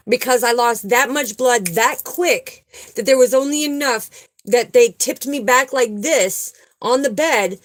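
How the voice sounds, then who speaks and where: A woman's voice: on the high side, fairly bright tone, poor audio. A woman giving an earnest, emphatic spiritual talk and telling a personal story, often repeating herself for emphasis. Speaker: spiritual vlogger. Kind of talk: casual spiritual talk and testimony.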